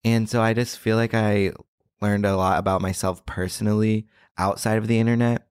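A man's voice: lowish voice, fairly even intonation, normal speed, a little mellow, clean tone, dry recording, clean studio sound. A young man in his twenties chatting casually as a podcast guest, rambling with lots of likes and restarts.

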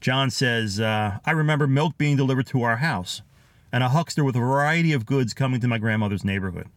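A man's voice: medium pitch, brisk, a bit bright, no echo. Nostalgic Philadelphia man, dry sound. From Philadelphia area, USA. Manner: chatty and nostalgic, chuckling often. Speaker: podcast host. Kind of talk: casual storytelling, reading out listener comments.

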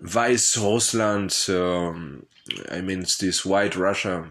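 Slow, low-voiced man rambling candidly. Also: fairly even intonation, a bit bright. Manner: hesitant and profane, with frequent laughs and fillers. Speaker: vlogger telling his life story. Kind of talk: rambling personal monologue.

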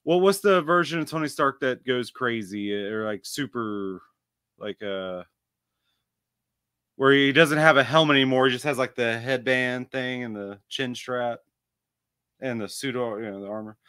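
A man's voice: medium pitch, moderate pace, pushed and bright, clean tone, dry recording, studio quality. A man co-hosting a podcast in casual chat, rambling with lots of filler words and cheerful swearing. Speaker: podcast co-host.

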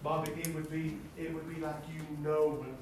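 A male preacher delivering a sermon, his voice high for a man and climbing into earnest, pleading fervor as he repeats "amen." He sounds set back from the mic, with heavy room echo around every word and a faint noise floor underneath. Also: little pitch movement, normal speed. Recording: echoey distant room sound.

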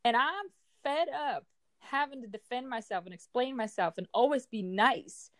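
A woman in her forties speaking in an emotional personal monologue, heated and frustrated, with forceful outbursts. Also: a little high, moderate pace, dry recording. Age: 40s.

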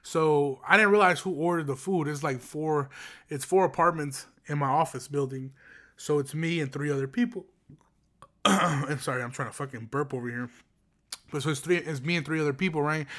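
Profane, animated young man telling a story. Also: fairly high pitch. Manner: animated, profane street slang, frequent "bro" and "you feel me". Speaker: property manager. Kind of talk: casual storytelling to viewers.

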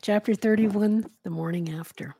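A woman's voice: mid-range voice, normal speed, creaky, warm tone, breathy edge, no room sound, clean studio sound. A woman hosting a podcast, reading a novel aloud in a casual way with giggly asides. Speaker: podcast host and reader.

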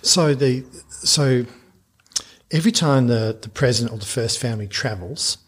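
A man, a business founder telling a long anecdote in a podcast interview, lively and full of restarts. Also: mid-range voice, normal speed, slightly rough. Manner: animated anecdote telling with frequent restarts and laughs.

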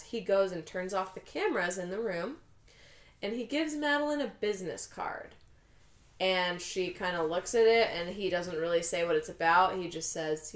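A woman's voice: mid-range voice, moderate pace, echoey room. A woman co-hosting a casual chat, retelling a story and acting out the characters' lines. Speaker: podcast co-host recapping a film.

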